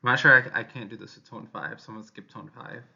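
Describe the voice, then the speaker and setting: A man's voice: fairly low pitch, fairly even intonation, fast talker, gravelly, pushed and bright, dull audio. A man teaching chant, singing short melodic lines and explaining them with hesitant, self-correcting asides. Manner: hesitant, self-correcting between sung demonstrations. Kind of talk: sung and spoken chant lesson.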